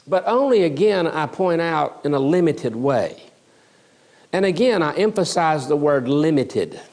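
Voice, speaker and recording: A man's voice: on the high side, darkish tone. A man giving a recorded theology lecture as a seminary teacher, emphatic and repeating key words for stress.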